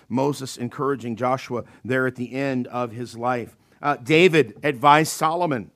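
A man's voice: mid-range voice, unhurried, few pauses. A man preaching a sermon in a conversational way, checking in with "okay?" and acting out the voices in the scripture he reads. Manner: acts out panicked and calm voices in quotes. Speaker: pastor.

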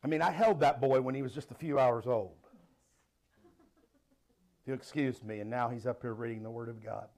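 A middle-aged male pastor preaching a sermon, animated and laughing now and then as he reads and explains scripture. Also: mid-range voice, moderate pace, creaky, pauses often.

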